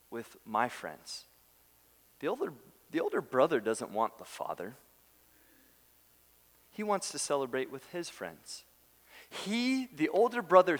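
A man preaching a sermon, telling a story with lively acted-out quotes and laughing asides. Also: a little high. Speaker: pastor. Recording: long hall reverb.

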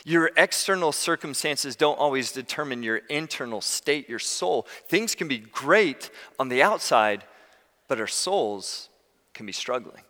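A man preaching a sermon as pastor, telling stories in a conversational, animated way. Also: mid-range voice, a little slow, long reverb tail.

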